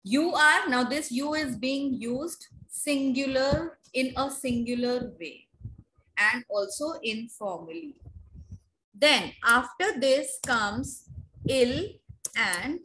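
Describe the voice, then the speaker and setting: A woman with an Indian accent teaching a French class online, repeating drills slowly for students to echo over a video call. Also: sits high, expressive, pushed and bright, a little hiss or hum. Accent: Indian English.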